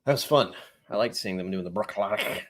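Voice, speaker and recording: A man's voice: on the low side, brisk. A man with a New England accent hosting a whiskey live stream, chatting, easily distracted and joking at his own expense. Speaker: whiskey channel host.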